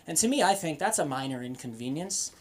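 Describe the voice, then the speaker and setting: Lively, profane young stand-up comedian from Boston. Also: male voice, a little high, brisk. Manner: animated, profane, swings between loud punchlines and muttered asides. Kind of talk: open-mic stand-up set. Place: comedy club stage.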